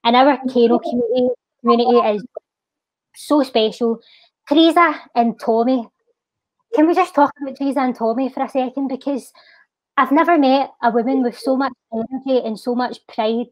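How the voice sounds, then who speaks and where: A woman with a Scottish accent, a charity guest on a podcast, reciting her own spoken-word poem in a slow, measured way and chatting between lines with soft "eh" fillers. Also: high voice, fairly even intonation, dry recording, low-quality recording.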